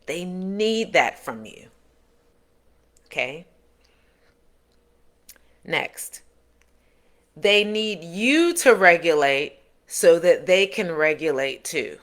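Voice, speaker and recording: A woman's voice: on the low side, lively intonation, extremely slow, pauses often. A woman who is the parent of an autistic son, giving earnest parenting advice straight to the camera and rephrasing her points to coach her listeners. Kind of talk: direct-to-camera advice talk.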